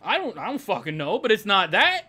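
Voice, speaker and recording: Animated ranting young man streamer. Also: high voice, fairly quick, slightly rough. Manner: animated ranting, frequent laughter and swearing. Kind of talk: casual gaming stream chat.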